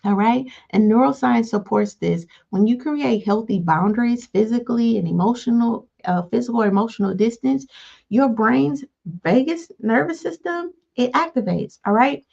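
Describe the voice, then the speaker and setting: A woman coaching listeners on healing, often pausing with "all right" between points. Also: a little high, vocal fry. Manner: repeats "all right" between points, acts out calm replies. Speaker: life coach. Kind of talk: motivational teaching talk. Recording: dull lo-fi sound.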